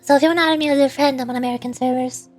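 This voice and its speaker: High-voiced chatty woman streamer. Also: steady tone, very fast, faint music behind. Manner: chatty, stumbles and repeats words. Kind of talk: casual live-stream chat.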